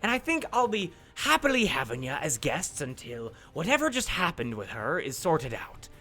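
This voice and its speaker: A man's voice: fairly high pitch, huge pitch swings, normal speed, pushed and bright, soft background music, exaggerated voice. A man voicing a commanding woman pirate captain who is polite with a veiled threat. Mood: smoothly menacing.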